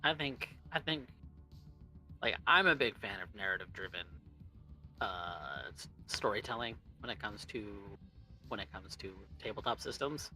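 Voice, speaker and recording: A man chatting casually as a player, chiming in with quick, eager interjections. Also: lowish voice, lively intonation, bright, forceful tone, faint music behind, rough recording. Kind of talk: casual chat.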